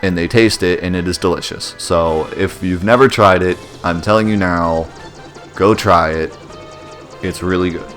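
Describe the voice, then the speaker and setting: A man's voice: low voice, moderate pace, a bit bright, faint music behind. A young man hosting a let's play, chatting casually and rambling in a self-deprecating way as he plays. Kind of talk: casual gameplay commentary.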